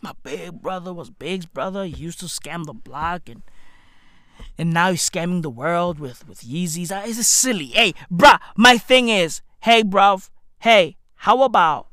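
A comedic host ranting profanely, with slang and repeated "bruv", swinging between shouting and muttering. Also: medium pitch, animated, unhurried, no echo, studio quality. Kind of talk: comedic rant.

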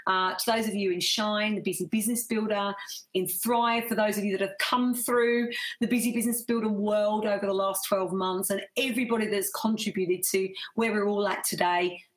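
A woman's voice: mid-range voice, fairly even intonation, moderate pace. A woman hosting a live online group, chatty and effusive as she thanks her viewers and reads out their comments. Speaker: business coach hosting a live group session. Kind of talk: casual live stream sign-off.

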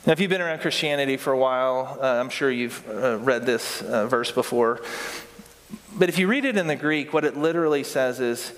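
A man's voice: mid-range voice, fairly quick, a bit bright. A man pastor preaching a sermon to a congregation, earnest and building through repetition. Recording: long hall reverb.

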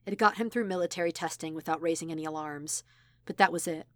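Woman reading a story aloud, lowish voice, dry close mic. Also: quick pace, no room sound. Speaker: audiobook reader. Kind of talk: audiobook narration of fan fiction.

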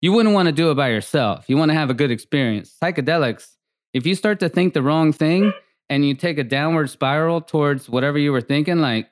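A man's voice: a little high, a little fast, no echo, studio quality. A man talking casually on a podcast, telling rambling stories full of fillers and restarts. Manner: rambling, animated storytelling with many fillers. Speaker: podcast co-host. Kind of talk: casual chat.

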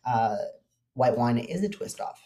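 A woman's voice: very deep voice, expressive, unhurried, dark tone. A woman co-hosting a podcast in casual chat, chatty and giggly, with lots of fillers. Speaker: podcast co-host.

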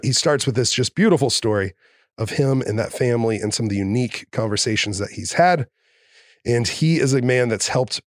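A man's voice: medium pitch, no room sound, clean studio sound. A man hosting a podcast, talking in an earnest, grateful, effusive way. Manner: warm, earnest and effusive with praise. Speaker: podcast host. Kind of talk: casual podcast interview.

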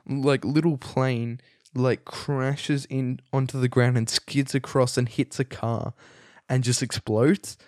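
A man's voice: mid-range voice, a little mellow, no room sound, studio quality. Rambling young man reviewing a film. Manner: rambling, loose and amused, many fillers and restarts. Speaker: movie reviewer. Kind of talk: casual spoken film review.

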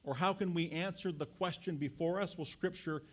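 A pastor in mid-sermon, a man whose voice sits a little higher than most. He preaches with emphasis, leaning on rhetorical questions and repeating his points so they land. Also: moderate pace.

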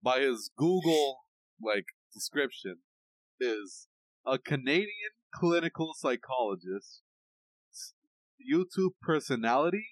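A young man in loose podcast banter, his pitch rising and falling a lot. He rambles through heavy fillers and mocking asides. The sound is dry and close. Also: very animated, takes it slowly, no echo, low-quality recording. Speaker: podcast co-host. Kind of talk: casual chat.

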